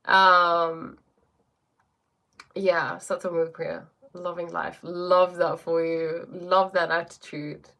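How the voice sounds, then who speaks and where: A woman's voice: lowish voice, little pitch movement, slow pace, bright, forceful tone. A woman with an English accent, a spiritual teacher chatting casually on a live stream, reading viewer comments aloud and answering them. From England.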